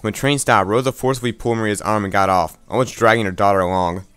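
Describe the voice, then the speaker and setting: A man's voice: on the low side, fairly even intonation, fast talker, fairly bright tone, smooth, dry recording. A man reading a visual novel aloud, stumbling and restarting words, with wry asides.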